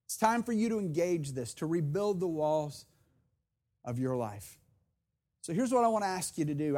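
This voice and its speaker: A middle-aged man preaching a sermon as pastor, earnest and personal, building to loud emphatic repetition. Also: on the high side. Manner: earnest, personal storytelling with restarts.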